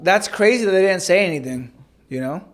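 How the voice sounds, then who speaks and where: Podcast co-host, young man, fairly high voice, casual and crude, quick to laugh. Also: lively intonation. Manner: loose, profane, laughing banter. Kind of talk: casual chat.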